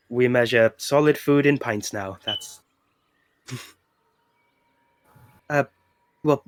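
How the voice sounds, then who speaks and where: A courteous rabbitfolk bard, as a British man plays him in a tabletop game, measured and formal. His voice sits at a middle pitch and sounds dry. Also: dry recording, lightly acted.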